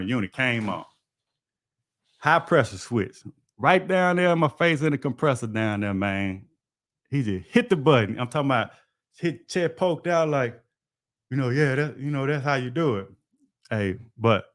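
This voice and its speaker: Recorded at studio quality with no room sound, a man of medium pitch hosts a livestream. Working in HVAC, he shares easygoing, folksy stories about his trade.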